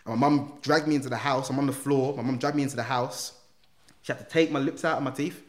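A man, a guest in a podcast interview, telling his life story in street slang with lively quoted dialogue. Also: mid-range voice, quick pace. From England. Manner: street slang, animated retelling with acted quotes. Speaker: guest, reformed gang member.

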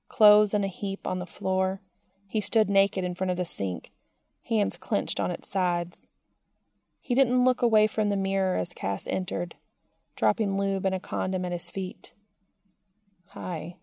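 A woman reading fiction aloud with a slow, even storytelling delivery. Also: mid-range voice, vocal fry, no room sound, studio quality. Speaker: narrator.

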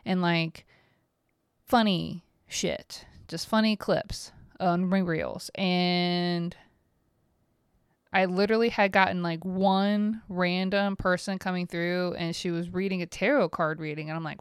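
A middle-aged woman hosting a podcast alone, rambling and self-mocking in casual talk, swearing freely, recorded on a close mic in a quiet room at home. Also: fairly low pitch, fairly even intonation, slow, clean tone, no room sound. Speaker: podcast host. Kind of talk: casual solo podcast monologue.

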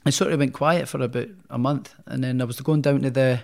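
A man's voice: mid-range voice, brisk, creaky. A young man, a professional boxer telling stories in a casual interview, with many restarts. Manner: rambling, animated storyteller with many restarts.

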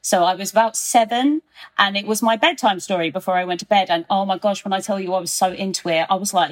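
A young woman in her twenties, a podcast guest talking in a chatty, excitable way. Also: medium pitch, fast. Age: 20s. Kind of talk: casual podcast chat.

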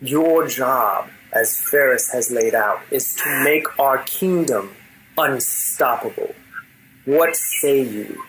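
Guy putting on a low, slow, creepy king in the shadows, tabletop game. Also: a bit bright, faint music behind, low-quality recording. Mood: commanding. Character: menacing shadowed male king on a throne.

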